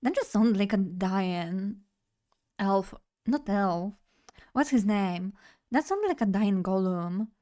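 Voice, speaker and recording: A woman's voice: mid-range voice, lively intonation, takes it slowly, dark tone. Playful young woman chatting on stream. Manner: playful, chatty, talks to chat. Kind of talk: casual live-stream chat.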